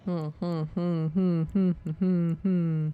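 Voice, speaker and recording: A woman's voice: fairly low pitch, flat delivery, slow, narrow, tinny audio, a little hiss or hum. A woman streaming a video game, giving casual commentary with sardonic, muttered asides and swearing.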